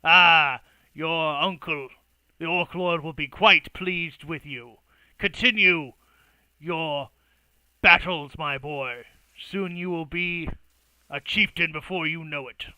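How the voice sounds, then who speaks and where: A man voicing a gruff, proud male orc warrior in a tabletop game, booming and blunt. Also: takes it slowly, pushed and bright, no echo, heavily acted, low-quality recording.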